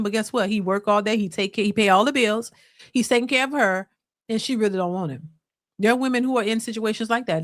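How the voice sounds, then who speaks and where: A woman's voice: a little high, no echo, clean studio sound. A woman hosting a live reaction stream, exclaiming and talking straight to her viewers as she reads their messages.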